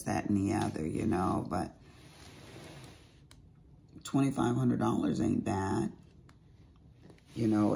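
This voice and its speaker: A woman with a raspy, deep voice chatting casually to viewers at home while she does diamond painting, full of asides. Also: warm tone, a little hiss or hum. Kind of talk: casual chat while crafting.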